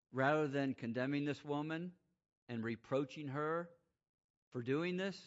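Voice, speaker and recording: A man preaching a sermon, swinging from loud, rising exclamations to quiet, hushed emphasis. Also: fairly high pitch, a little slow. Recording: muffled lo-fi sound.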